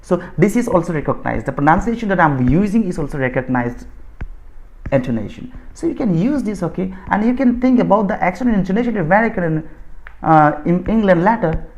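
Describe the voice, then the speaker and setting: A gravelly, darkish yet high-pitched male voice, expressive and slightly fast, belongs to an Assamese man with an Indian accent whose mother tongue is Bodo. He teaches spoken English in an explanatory lecture, repeating himself insistently and often recasting or restarting his sentences.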